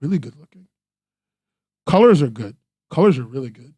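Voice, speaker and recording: A man's voice: mid-range voice, sing-song, moderate pace, mellow, breathy edge, no room sound, studio quality. A man casually reviewing webcomics on a stream, rambling with lots of "like" and restarts, eager in his praise. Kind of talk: casual live-stream commentary.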